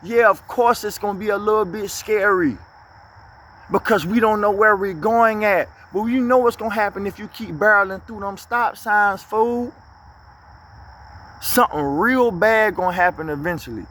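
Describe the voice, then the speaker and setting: Blunt high-voiced preacher man. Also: moderate pace, a bit bright, a little hiss or hum. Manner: blunt, preachy, scolding, rhetorical questions. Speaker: inspirational speaker. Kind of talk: motivational preaching monologue.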